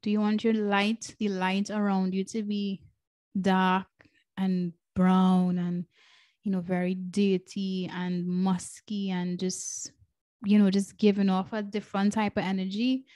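A woman's voice: mid-range voice, little pitch movement, measured pace, dark tone, no room sound. A woman hosting a podcast as a breathwork coach, telling a personal story in an earnest, emotional way and repeating phrases for emphasis.

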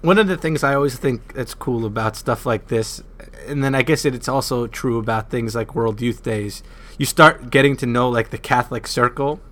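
Man with a bright, forceful voice. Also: mid-range voice, normal speed, hardly any pauses. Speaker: podcast host and editor. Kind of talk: casual podcast chat.

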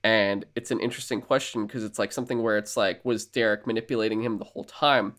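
A man's voice: fairly low pitch, fairly even intonation, quick pace, a bit bright. A man co-hosting a podcast who recaps a movie in casual, rambling chat, swearing freely and acting out the characters' lines. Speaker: podcast co-host.

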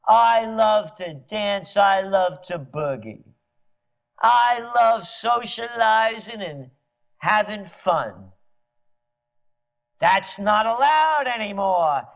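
A fiery man rants with biting sarcasm, his voice sitting high and drawn out at an unhurried pace. A gravelly edge runs through his words. The recording is dull and lo-fi. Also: expressive. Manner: fiery, sarcastic, mocks officials in mimicking voices. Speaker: commentator. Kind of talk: impassioned political rant.

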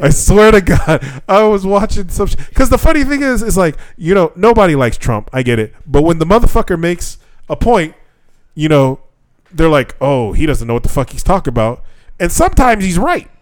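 A man's voice: high voice, sing-song, moderate pace, no echo. Profane ranting podcast man. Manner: profane, ranting, laughs often. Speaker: podcast co-host. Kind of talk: casual chat.

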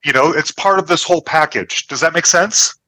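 A man's voice: on the high side, a little fast, bright, forceful tone, no room sound. A man hosting a book interview, asking curious questions and thinking aloud. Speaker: book podcast host. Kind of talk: conversational interview.

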